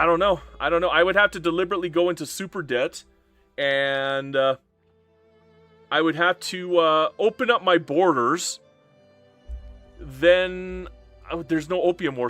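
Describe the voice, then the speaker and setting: Male streamer, live gameplay commentary, playful mock-complaining, very animated, bright tone. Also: fairly high pitch.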